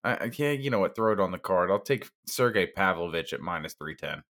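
A man's voice: low voice, animated, fairly quick, a bit bright. A man giving his betting picks on a casual podcast, hesitant and full of fillers. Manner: hesitant, fills with uh, trails off. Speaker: podcast regular. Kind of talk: casual sports betting chat.

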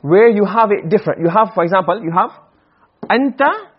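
A man lecturing on Arabic rhetoric in a quick classroom style, often checking if students follow. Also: sits high, expressive, breathy edge. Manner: quick, questioning students, drops Arabic grammar terms. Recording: dull lo-fi recording.

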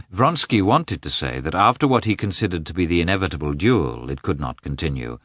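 Deep-voiced man narrating an audiobook. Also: a bit bright, no room sound, studio quality. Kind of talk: audiobook narration of a classic novel.

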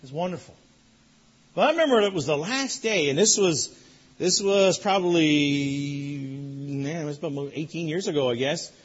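A man preaching a sermon as a pastor, telling a lively story that builds in excitement. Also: fairly high pitch, moderate pace, husky, dull audio. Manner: animated storytelling, rising loud in excitement.

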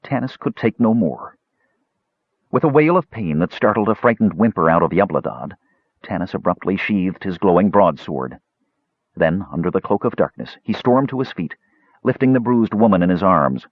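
Male audiobook narrator, very low husky voice, lively pitch, dry dull lo-fi recording. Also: moderate pace, dry recording. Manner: dramatic, expressive reading. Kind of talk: scripted fantasy narration.

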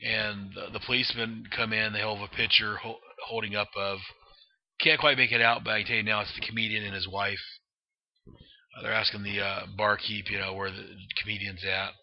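A man's voice: fairly low pitch, flat delivery, a little fast. A man casually narrating and describing a comic book, rambling with many fillers and restarts, on a dull lo-fi recording. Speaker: comic book reader and reviewer.

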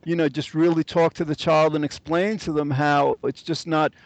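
A man's voice: on the high side, level tone, normal speed, gravelly, no echo. A man in a casual podcast discussion, agreeable, restarting often and using fillers. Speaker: podcast guest.

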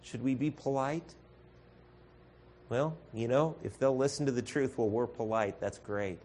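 Slow-preaching male pastor. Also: mid-range voice, slight background noise. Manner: earnest, addresses congregation as folks, acts out shouted voices. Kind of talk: sermon.

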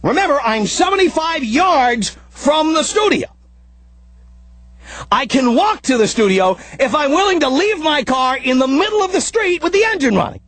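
Ranting high-voiced radio host, a man. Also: moderate pace, no room sound. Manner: animated, frequently shouting in anger. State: out of breath. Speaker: radio talk show host. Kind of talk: ranting monologue.

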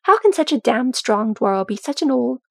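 A gruff old dwarf warrior growls out blunt remarks in a storybook reading, as a woman reads his lines. The voice is gravelly and husky, and it sounds close and dry. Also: a little high, a little fast, no room sound, exaggerated voice.

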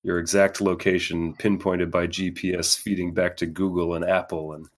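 A man's voice: low voice, little pitch movement, normal speed. A man hosting a casual chat show, joking in a dry way. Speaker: host.

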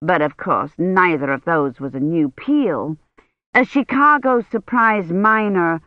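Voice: mid-range voice, animated, slow, no echo. An audiobook reader voicing a defensive American woman bell ringer on tour, in a dull, dry recording. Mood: earnest.

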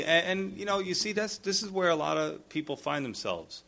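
Man, pastor, sermon, conversational, animated delivery, slightly high voice. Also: fairly quick, gravelly, few pauses. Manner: animated, acts out quoted lines in a raised voice; conversational asides, fillers. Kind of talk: expository sermon.

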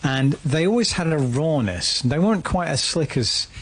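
A man's voice: on the high side, animated, normal speed, husky. A man, a musician guest reflecting on his career in a casual radio interview. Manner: reflective, storytelling.

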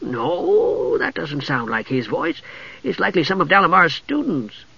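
Male reader as kender hero: high, eager, breezy, a bit loud; dull lo-fi storybook audio. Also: huge pitch swings, a little slow, gravelly, husky, heavily acted. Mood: curious. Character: cheerful, curious, reckless male kender adventurer.

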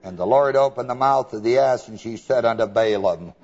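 A man's voice: mid-range voice, brisk, darkish tone. A man preaching a folksy Bible lesson, retelling scripture in colloquial words with frequent chuckles. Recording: dull lo-fi recording.

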